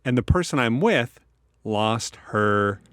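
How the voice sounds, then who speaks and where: A man's voice: mid-range voice, takes it slowly, dry recording, clean studio sound. A Canadian man co-hosting a podcast, telling personal stories with a stutter and repeated sounds from Tourette's, acting out the people in them. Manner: animated, acts out voices in stories. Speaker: podcast co-host. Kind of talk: personal storytelling in casual chat.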